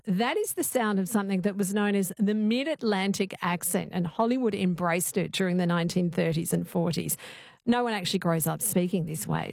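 A woman's voice: mid-range voice, vocal fry, no room sound. A woman hosting a late-night radio talk show on a studio mic, chatty and enthusiastic. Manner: chatty and warmly enthusiastic, chuckles. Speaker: radio host.

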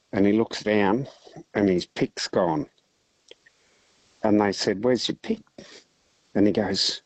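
An Australian man calling in to a radio show, telling a long joke in a relaxed, rambling way. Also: on the low side, husky, no room sound, poor audio. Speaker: caller.

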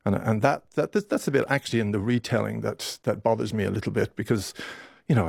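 A man, a doctor recounting a hard memory in a halting way, his voice strained with emotion. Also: lowish voice, creaky, darkish tone, husky, dry recording. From Ireland. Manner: halting, with many restarts and apologies. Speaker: doctor, interview guest. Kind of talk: emotional personal recollection.

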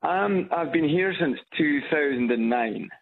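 A Scottish radio caller with an Edinburgh accent speaks over a lo-fi speakerphone line that carries slight hiss or hum. His fairly high, creaky voice has lively intonation and a slightly slow pace, and his chatty phone-in talk is hesitant, full of fillers and repeats.

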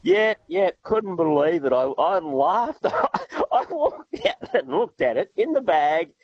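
Giggly caller, lively muffled voice. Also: male voice, high-pitched, takes it slowly, slightly rough. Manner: giggly, animated storyteller.

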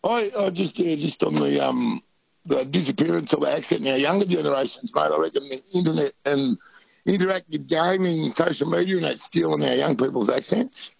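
Gravelly Australian man calling in. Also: fairly high pitch, a little fast, rough recording. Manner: chatty and laid-back, full of fillers and slang. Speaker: radio caller. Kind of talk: casual call-in chat.

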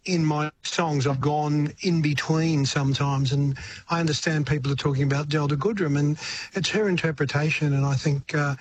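An older man, a musician guest in a casual radio interview, talking in halting, rambling sentences. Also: a little high, fairly even intonation, a little hiss or hum. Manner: rambling, halting, restarts thoughts.

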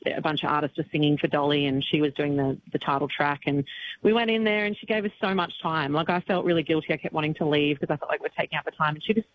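A woman's voice: low-pitched, fast talker. A woman, a country singer speaking in a radio interview, rambling, full of fillers, tearful yet laughing. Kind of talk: emotional phone-in radio interview. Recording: dull lo-fi radio line with faint noise.

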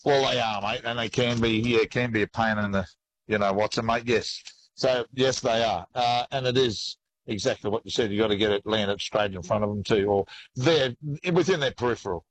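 A man with an Australian accent, chatting casually about fishing in a relaxed, folksy way and calling people "mate". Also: lowish voice, normal speed, low-quality recording. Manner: laid-back, folksy sayings, says "mate" often. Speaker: fishing guest. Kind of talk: casual chat.

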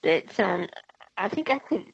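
A woman's voice: mid-range voice, sing-song, unhurried, creaky, husky, dry recording, highs cut off. A woman calling into a radio quiz, laughing and thinking aloud over her answers. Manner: laughing, hesitant. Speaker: caller.

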